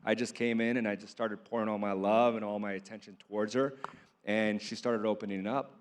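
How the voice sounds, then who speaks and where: Male panelist, lower pitch, thoughtful and halting delivery. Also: steady tone, a little hiss or hum. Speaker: panel speaker. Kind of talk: reflective panel talk.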